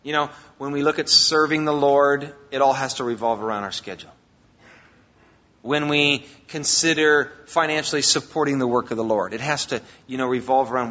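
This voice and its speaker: A man preaching a sermon as a pastor, emphatic, swinging between loud and quiet. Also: mid-range voice, fairly even intonation, moderate pace. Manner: emphatic preaching, rises and drops in volume. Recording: long hall reverb, dull lo-fi sound.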